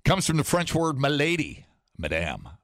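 Man, hoarse, jokey host, mock voices, very dry close sound. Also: on the high side, wildly swooping pitch, normal speed, a bit bright, no echo. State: hoarse, losing his voice. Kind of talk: casual banter, reading an article aloud.

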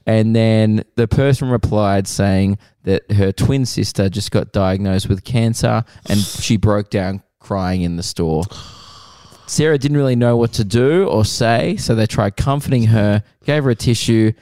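A man co-hosting a podcast, reading listener messages aloud in a relaxed way with sighs and laughs. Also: fairly low pitch, measured pace, clean tone, no echo, studio quality. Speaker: podcast co-host.

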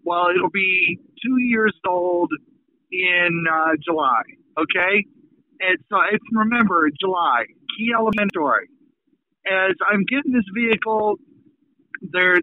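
A man from Minnesota hosting a casual radio chat, telling stories with drawn-out emphasis. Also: sits high, expressive, dry recording. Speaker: radio host. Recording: phone-line sound.

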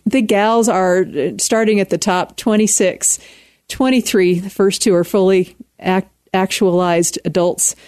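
A woman's voice: mid-range voice, steady tone, unhurried, a little mellow, no room sound, clean studio sound. A woman in her fifties with a Texan accent, an author speaking earnestly as a radio interview guest. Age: 50s.

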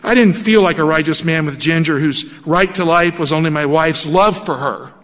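A male pastor telling a story in a sermon, animated and acting out the voices of the people in it. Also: on the high side, normal speed. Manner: animated storytelling with acted-out quotes. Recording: long hall reverb.

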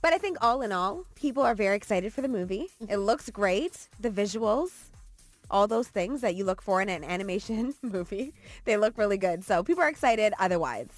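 A woman's voice: medium pitch, expressive, brisk, no room sound, soft background music. Upbeat woman doing trending news. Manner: upbeat, reads tweets aloud with light laughs. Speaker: entertainment news presenter on a morning show. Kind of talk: morning show trending segment. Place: TV studio.

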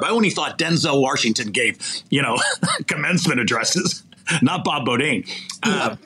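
In a mid-range, fairly bright voice, an older man tells stories during a podcast conversation where he's the guest. An executive recruiter, he acts out quoted exchanges animatedly and chuckles mid-sentence, with slight noise in the background.

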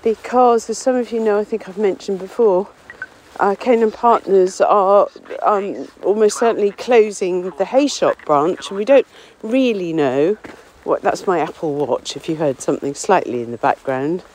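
A woman's voice: mid-range voice, normal speed, darkish tone, low-quality recording. A woman, a local author, chatting rambly and self-deprecating while walking outdoors among trees on a windy common, slightly out of breath. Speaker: local author and podcast contributor. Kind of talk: casual spoken diary on a walk. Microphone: phone or portable recorder, no headphones.

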